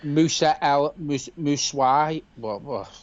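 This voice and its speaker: A man's voice: fairly high pitch, slow, lo-fi sound. A man with a Scouse accent co-hosting a live football watch-along, reading viewer comments aloud and answering them bluntly in casual chat. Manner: reads chat messages aloud in a blunt matter-of-fact way.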